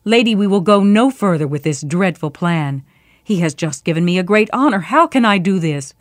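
Brief: nervous nobleman, low and mumbling, as a woman storyteller puts him on; dry close sound. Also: animated, normal speed, no room sound, natural voice. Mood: stern. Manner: mumbling, fretful, at times urgent. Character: troubled nobleman, anxious and wavering.

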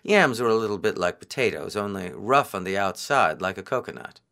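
A man reading a children's folk tale aloud in an expressive, unhurried way. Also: lowish voice, gravelly. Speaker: storyteller.

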